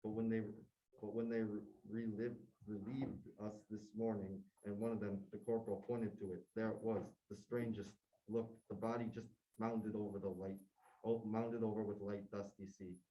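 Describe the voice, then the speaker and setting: A man's voice: on the low side, level tone, normal speed, mellow, natural voice. A young man, a student in a classroom, reading the part of a nervous, rambling male sentry and stumbling over words as he goes. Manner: rambling, stumbling read-aloud. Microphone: distant room mic. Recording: dull, distant classroom recording.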